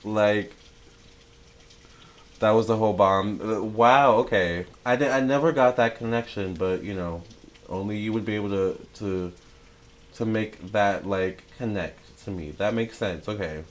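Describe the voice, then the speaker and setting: A young man giving a casual tarot channeling talk, chatty and excitable, with many fillers and self-corrections. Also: on the low side, measured pace. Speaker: tarot reader.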